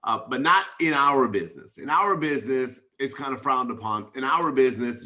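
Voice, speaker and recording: A man leading a network marketing team, telling stories in an excited, emphatic way on a video call. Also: medium pitch. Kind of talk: enthusiastic motivational talk on a video call.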